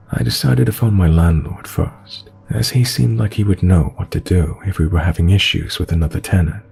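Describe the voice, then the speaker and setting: A man reading a first-person story aloud in an even, measured scripted narration. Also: deep voice, vocal fry, a little hiss or hum.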